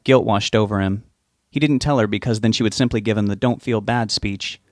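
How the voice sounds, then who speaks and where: A man narrating a novel as an audiobook reader, giving the characters' lines small lifts in pitch. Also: fairly quick, a little mellow, dry recording, clean studio sound.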